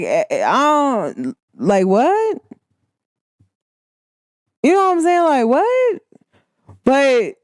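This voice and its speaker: A young woman from Cincinnati, speaking with a Midwestern American accent, hosts her podcast in an emphatic, slang-filled monologue. Her voice sits at a middle pitch for a woman. The recording is close and dry, with no room sound. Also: darkish tone, dry recording. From Cincinnati, Ohio, USA. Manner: candid, emphatic, slangy storytelling. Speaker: podcast host. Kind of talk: casual monologue.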